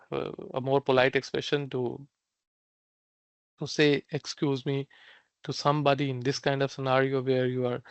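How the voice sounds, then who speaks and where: A man teaching an online Mandarin class, slowly repeating phrases and explaining them with fillers like "uh" and "like". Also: mid-range voice, fairly bright tone, no room sound. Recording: dull, dry lo-fi sound.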